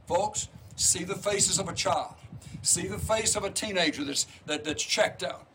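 A man's voice: sits high, unhurried, bright, forceful tone, poor audio. A man preaching a sermon to his congregation, fervent and emphatic, with repeated phrases and frequent restarts.

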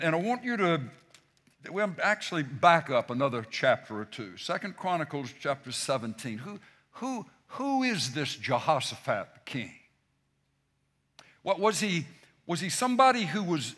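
A man's voice: on the high side, fairly bright tone. A male pastor preaching a sermon, with repeated phrases, call-and-response with the congregation, and frequent restarts.

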